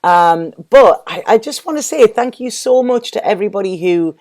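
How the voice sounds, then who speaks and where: A woman reads tarot cards in a casual vlog. Her voice is mellow and dark in tone, and her pitch sits in the middle range. She rambles along effusively, doubling her words as she goes. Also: expressive, normal speed. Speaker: tarot reader.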